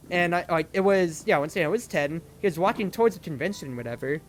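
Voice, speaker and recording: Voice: medium pitch, expressive, fast, few pauses. A young adult streamer telling a long, rambling story in casual stream chat, leaning heavily on "like" as a filler. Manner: rambling storytelling, heavy use of "like".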